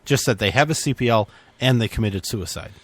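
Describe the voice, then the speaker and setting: A man's voice: mid-range voice, animated, fairly quick, husky, no echo. A man co-hosting a casual political chat, teasing his partner with short wry remarks. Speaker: podcast co-host.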